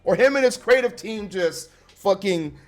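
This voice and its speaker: A man's voice: high-pitched, expressive, measured pace. A man reviewing a wrestling show in a blunt, sarcastic rant, swearing heavily. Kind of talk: profane ranting review.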